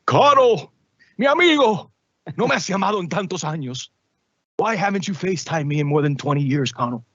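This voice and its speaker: A man's voice: high voice, animated, a little fast, a bit bright, breathy edge, no echo, highs cut off, pitched above the performer's own voice, exaggerated voice. A man putting on an overwrought soap-opera character pleading with a long-lost love.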